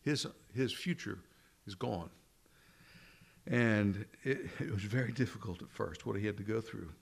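A man's voice: lowish voice, measured pace, gravelly, husky. A man preaching a sermon in an earnest way, asking rhetorical questions and repeating phrases for emphasis.

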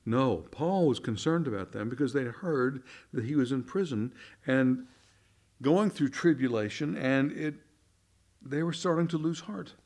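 A man's voice: mid-range voice, unhurried, a little mellow. Earnest male preacher asking questions. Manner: earnest, asks rhetorical questions, repeats words. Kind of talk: sermon.

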